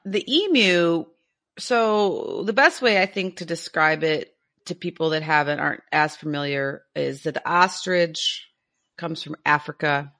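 A woman co-hosting a nature podcast in casual chat, enthusiastic and quick to laugh. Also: deep voice, fairly bright tone. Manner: enthusiastic, laughs easily, explains with some fillers. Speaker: podcast co-host.

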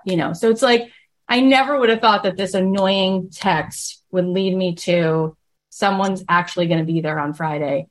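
A woman hosting, telling a casual story in a chatty, animated way, often acting out quoted dialogue and saying "like" a lot. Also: medium pitch, fairly quick.

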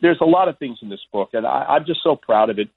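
60s guy on the phone telling stories, husky, dry tinny line. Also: medium pitch, quick pace, dry recording. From Florida, US. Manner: animated storyteller, stammers on restarts. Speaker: guest, sportscaster and author. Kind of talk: phone interview storytelling. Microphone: telephone.

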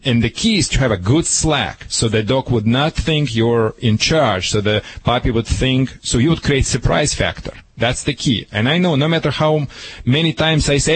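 A man from Russia with a Russian accent, a dog trainer giving animated, punchy advice on a radio show and repeating his key phrases. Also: medium pitch, breathy edge, low-quality recording. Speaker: dog trainer answering a caller. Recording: radio broadcast.

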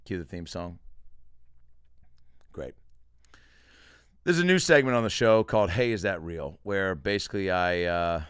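A man hosting a comedy podcast, telling animated stories and acting out the people in them. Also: low-pitched, a little slow, long pauses, clean tone, dry recording, clean studio sound. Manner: animated storyteller, acts out quotes. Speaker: podcast host.

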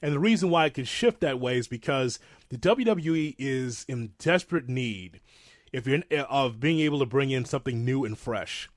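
Casting: male podcast co-host, mid-pitched, animated rambling delivery, dry close mic. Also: moderate pace, no room sound. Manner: animated, rambling, self-described old-school fan. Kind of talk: casual wrestling talk.

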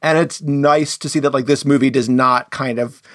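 A man's voice: medium pitch, steady tone, moderate pace, a bit bright, no echo, clean studio sound. A man talking casually about a film as a podcast co-host, full of fillers and restarts. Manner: chatty, many fillers and restarts.

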